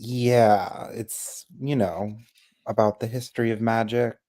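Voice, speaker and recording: A man plays a sarcastic young wizard student at a magic school in a tabletop game. He speaks in a mellow, darker tone and slips in dry, teasing put-downs. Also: medium pitch, steady tone, takes it slowly, lightly acted. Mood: sardonic.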